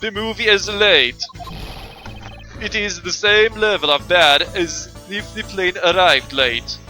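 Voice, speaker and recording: With game music playing underneath, a man performs an exaggerated take on a pompous, irritable male airline passenger, using a fake North European accent for game dialogue. His voice is pushed up high, bright and forceful, and he speaks slowly, delivering indignant, stiff, haughty, clipped declarations.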